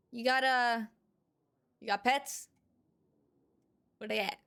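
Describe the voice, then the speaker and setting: A woman streamer talking loosely to her chat as she reacts to clips. Her voice sits a little high, and she rambles with plenty of fillers, cooing affectionately over the pets on screen. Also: slow, long pauses, a bit bright, clean tone. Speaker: livestreamer. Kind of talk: casual reaction chat with viewers.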